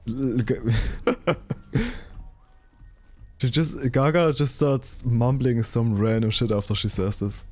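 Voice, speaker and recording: A man's voice: mid-range voice, steady tone, slow pace, pauses often, a little mellow, soft background music. A man streaming a game, rambling casually to his viewers with frequent restarts and self-corrections. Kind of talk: casual gaming commentary.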